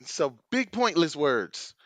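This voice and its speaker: A man's voice: fairly high pitch, big pitch swings, slow, fairly bright tone, dry recording. A man co-hosting a podcast, insistently arguing about rap lyrics, often restarting mid-thought and swearing. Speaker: podcast co-host.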